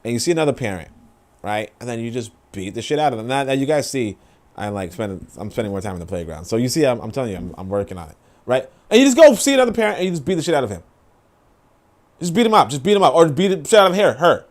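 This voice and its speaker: A man's voice: medium pitch, animated, very fast. A man hosting a podcast, ranting in casual, profane commentary with lots of fillers as he reacts to posts. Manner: profane, rambling rant with many fillers. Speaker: podcast host.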